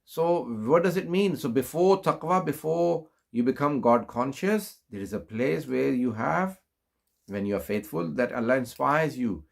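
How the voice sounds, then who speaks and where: A middle-aged man preaching, telling a religious story slowly with many fillers and rising emphasis. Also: expressive, gravelly. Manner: unhurried, many fillers, rises in pitch for emphasis. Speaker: Islamic preacher. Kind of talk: storytelling sermon.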